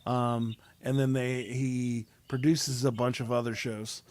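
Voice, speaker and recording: A man hosting a podcast over a video call, chatting casually and rambling with many pauses and fillers. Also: mid-range voice, level tone, darkish tone, slight background noise. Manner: rambling, hesitant, lots of uh and um. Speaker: podcast host. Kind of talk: casual chat.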